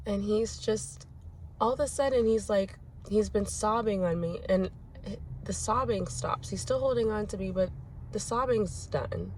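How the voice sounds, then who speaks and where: Slow-talking gentle young mother. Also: medium pitch, husky. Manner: reflective, gentle, with many pauses and fillers. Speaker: mother sharing a parenting story. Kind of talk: casual storytelling vlog.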